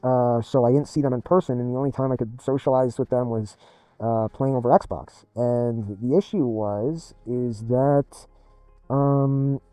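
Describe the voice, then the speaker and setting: A man's voice: mid-range voice, steady tone, unhurried, warm tone, smooth, no room sound, faint music behind. A man telling a rambling personal story in blunt, profane, casual speech as a gaming video creator.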